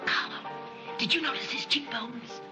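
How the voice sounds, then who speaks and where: An actress playing a flighty, scatterbrained rich matron who rambles giddily in 1930s screwball film style. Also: female voice, fairly high pitch, moderate pace, natural voice. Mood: airheaded. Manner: giddy, rambling, airheaded chatter. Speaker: scatterbrained society mother. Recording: muffled 1930s film soundtrack with music.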